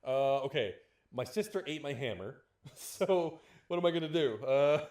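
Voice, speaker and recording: Guy doing a panicky thunder god who's lost his weapon, loud and frazzled, voice jumping up a bit. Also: fairly high pitch, expressive, moderate pace, reverberant, pitched above the performer's own voice, close to an everyday voice. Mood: flustered. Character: flustered male thunder god, caught off guard.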